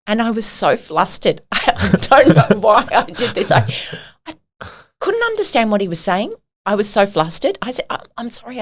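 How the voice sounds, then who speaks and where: A middle-aged woman, a podcast guest, telling stories in casual conversation and often laughing as she talks. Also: mid-range voice.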